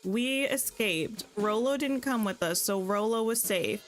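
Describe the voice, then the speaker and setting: A woman's voice: mid-range voice, a little slow, faint music behind. A woman streamer chatting and reading narration aloud while playing a story game. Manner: chatty, laughing recap. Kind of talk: casual let's-play commentary and reading narration.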